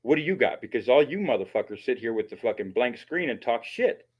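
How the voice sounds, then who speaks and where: A man's voice: mid-range voice, lively intonation, brisk, breathy edge, highs cut off. Blunt, swearing male commentator. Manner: blunt, mocking, swears often. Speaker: channel host reacting to a recorded call. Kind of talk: profane commentary.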